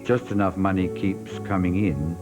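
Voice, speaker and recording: A man, an artist, speaking in a thoughtful, measured and slightly self-deprecating way in an interview. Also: low-pitched, fairly even intonation, loud music behind the voice. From Britain. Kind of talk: reflective interview.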